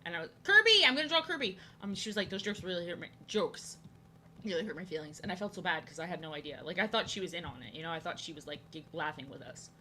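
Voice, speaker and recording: A young woman streams herself drawing, talking fast in a low-pitched voice with a sharp tone. She rambles chattily from thought to thought, reacting to her chat, with a little hiss or hum in the audio.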